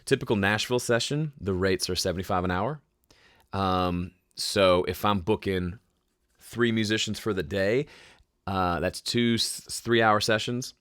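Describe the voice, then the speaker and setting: A man hosting a casual live question-and-answer podcast, with a smooth, polished speaking voice and a relaxed, conversational way of explaining. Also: lowish voice, a little slow, dry recording, clean studio sound. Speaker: host answering viewer questions. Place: home studio.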